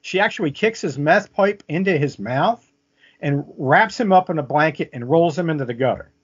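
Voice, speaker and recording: A man's voice: on the high side, animated, normal speed, breathy edge. A man telling a vivid story as an interview guest, often checking in with "okay?". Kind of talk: casual storytelling. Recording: muffled lo-fi audio.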